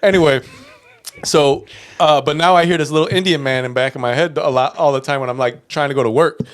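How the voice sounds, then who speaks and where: A man's voice: fairly high pitch, steady tone, a little fast, clean tone. A man co-hosting a podcast in casual chat, blunt and profane, laughing often. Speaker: podcast co-host.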